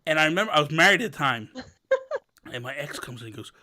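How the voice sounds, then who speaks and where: A man in his thirties hosts a casual podcast, telling stories with lively acted-out quotes. His voice is bright and a touch high. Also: fast talker, a little hiss or hum. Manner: animated storyteller, acts out quotes. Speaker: podcast host. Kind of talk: casual chat.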